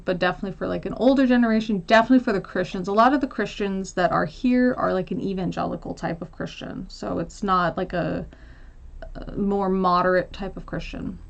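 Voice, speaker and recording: A woman's voice: mid-range voice, creaky. An American woman casually chatting on a livestream, answering viewer questions with frequent laughs and fillers. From United States. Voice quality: chatty, laughs often, many fillers and trailing asides. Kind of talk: casual chat.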